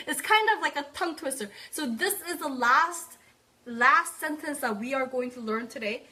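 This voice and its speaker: A woman's voice: sits high, bright, forceful tone. A young woman teaching a live online language class, repeating words for drills and praising students by name. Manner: repeats words slowly for practice, cheerful praise.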